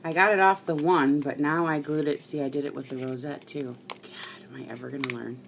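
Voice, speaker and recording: A middle-aged woman rambling casually to live-stream viewers while she crafts at home, chatty and quick to swear. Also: low-pitched, steady tone, vocal fry, slight background noise.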